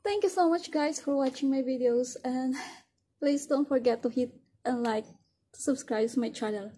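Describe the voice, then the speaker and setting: A young woman hosting a reaction video, gushing emotionally in halting, full of "like"s. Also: sits high, mellow. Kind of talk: casual reaction commentary.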